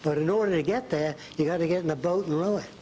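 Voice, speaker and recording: A slightly high, fast, warm-toned voice belongs to an older man lecturing college students in a folksy way, drawing on the blackboard and acting out quotes in a lecture hall. The recording is low quality with slight background noise.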